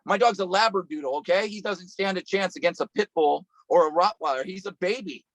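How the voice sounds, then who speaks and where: A man preaches over a video call in an earnest storytelling manner, circling back and restarting his phrases. His voice sits somewhat high for a man. The sound is close and dry, with no room around it. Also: fairly quick, no echo, low-quality recording. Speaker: pastor. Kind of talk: sermon.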